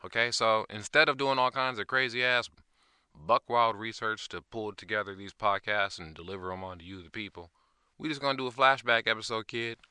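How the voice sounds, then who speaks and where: A man's voice: on the low side, brisk, bright, forceful tone, smooth, no echo, studio quality. A man hosting his own podcast in a laid-back, slangy, profane manner. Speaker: podcast host. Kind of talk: casual podcast monologue.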